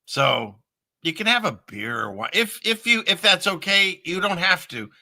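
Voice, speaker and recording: Middle-aged male host, rambling, laughs a lot, very bright voice, dry close mic. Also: sits high, expressive, moderate pace, no echo. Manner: rambling, laughs often, chatty. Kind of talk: casual talk show chat.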